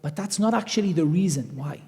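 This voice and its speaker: Male preacher, fairly high voice, lively conversational lecture, long hall reverb. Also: fairly quick. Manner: animated and conversational, acting out quoted voices. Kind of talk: Islamic lecture.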